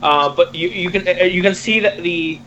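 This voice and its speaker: A man narrating a tabletop game as game master, halting with many fillers and restarts. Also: high voice, muffled recording, heavy background noise.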